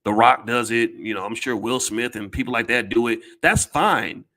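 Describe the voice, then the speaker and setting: This is a man with a middle-pitched voice, talking straight to his viewers in casual commentary. He is blunt and emphatic and swears now and then. He often stumbles, repeats a word and starts the sentence over. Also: moderate pace, sharp tone. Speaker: commentator addressing his audience.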